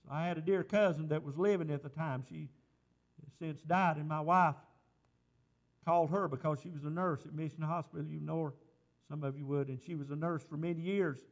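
A high-pitched male pastor preaching a sermon. He tells a personal story in a conversational way, then lifts into impassioned preaching. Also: fairly even intonation, a little fast.

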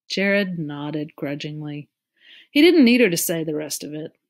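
A woman narrating a storybook aloud in a steady, measured way. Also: on the low side.

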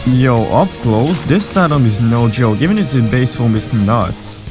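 A young man giving excitable, swearing, trash-talking commentary over his own gameplay. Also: medium pitch, a little slow. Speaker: gaming video creator. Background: game music.

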